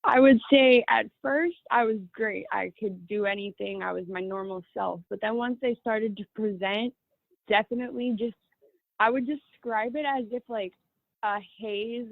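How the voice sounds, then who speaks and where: A woman's voice: medium pitch, fairly even intonation, normal speed, creaky, dry recording. Chatty young woman on phone line. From Los Angeles, California. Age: 20s. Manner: chatty, fills speech with "like". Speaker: guest. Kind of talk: casual personal storytelling. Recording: tinny, dry phone-like line.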